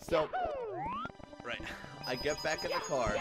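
A man's voice: on the high side, measured pace, pauses often, low-quality recording. A man telling a pointless story in a mock-serious, stumbling way, full of restarts. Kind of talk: mock-sincere rambling monologue. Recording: loud music behind the voice.

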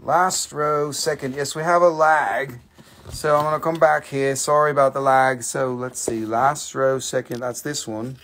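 A man's voice: medium pitch, steady tone, a little slow, fairly bright tone. A man hosting a live stream that sells stones, chatting casually, joking and swearing as he goes. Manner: joking, profane, chatty patter. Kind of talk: casual live sales chat.

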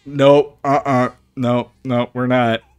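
Male gamer streamer, unhurried, swearing and stammering, dry close mic sound. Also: mid-range voice, flat delivery, darkish tone, clear, resonant tone, no echo. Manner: swears, stammers and reacts with disgust. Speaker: streamer playing a game. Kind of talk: casual live gameplay commentary.

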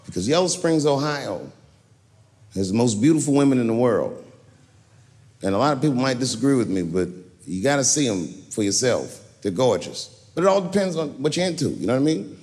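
A man performing a stand-up comedy routine, telling a profane story brashly and sometimes breaking into shouts. He is recorded live on a large stage before an audience. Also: mid-range voice, big pitch swings, fairly quick. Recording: live venue with long reverb and audience noise.

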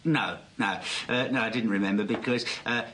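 A man's voice: on the low side, moderate pace, a bit bright, slight background noise, natural voice. An actor playing a flustered, evasive middle-aged man who hesitates, full of ums and uhs, in a comedy sketch.

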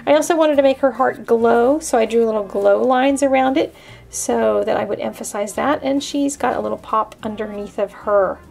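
A woman's voice: on the high side, moderate pace, creaky, darkish tone. A woman hosting a casual card-making tutorial, explaining her steps in a chatty way.

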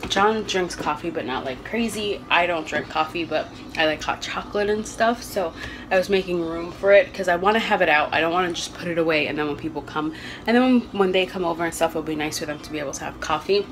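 A young woman vlogging from her home kitchen, rambling and thinking out loud as she talks about her family day. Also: fairly low pitch, fast talker, background noise. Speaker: vlogger, mother. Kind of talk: casual home vlog chat.

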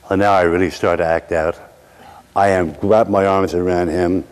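A middle-aged Brooklyn man tells a personal story as part of a sermon, his somewhat low voice clean in tone and fairly even in intonation. He slows down for dramatic pauses and slips in wry asides, and a large hall gives his words a long reverb.

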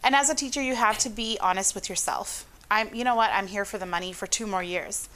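A woman's voice: mid-range voice, brisk, a bit bright, slight background noise. A woman from Honduras, a psychologist guest speaking expressively in an interview with emphatic, varied intonation. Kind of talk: interview conversation.

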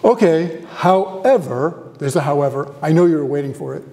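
A man's voice: on the high side, fairly even intonation, fast talker, vocal fry, dark tone, in a large hall. A man giving a university lecture as a guest theology professor, conversational and often asking the audience questions. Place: lecture hall with a live audience.

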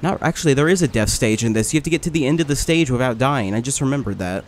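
A man giving casual let's-play commentary, complaining, swearing and getting excited as he plays. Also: medium pitch, fast, a little hiss or hum. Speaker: gaming video host.

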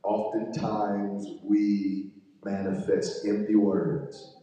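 A man's voice: lowish voice, little pitch movement, drawn-out words, mellow. A male pastor preaching a sermon, reading scripture and breaking off into asides and call-outs to his congregation. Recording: echoey hall, mic far off.

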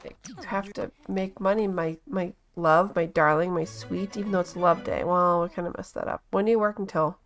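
A woman giving casual let's-play commentary, chatty and bossing her game characters around with quick exclamations. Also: fairly low pitch, steady tone, soft background music. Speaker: gaming channel host.

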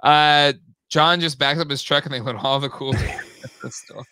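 A man co-hosting a toy podcast in casual chat, excitable and quick to laugh. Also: on the high side, clean tone, no echo, studio quality. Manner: excitable, animated, laughs often.

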